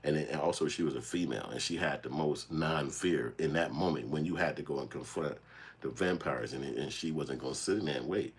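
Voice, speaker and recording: Man, extremely low voice, breathy husky tone, AAVE speech, loose rambling monologue, profane storytelling. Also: a little fast. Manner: rambling, animated storytelling with street slang and profanity. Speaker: filmmaker and channel host. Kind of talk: casual monologue commentary.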